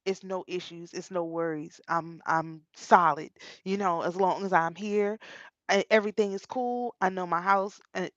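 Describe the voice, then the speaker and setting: A middle-aged woman vlogger telling a personal story in a casual, animated way, often repeating and restarting her phrases. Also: fairly low pitch, normal speed, no room sound. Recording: dull, dry lo-fi sound.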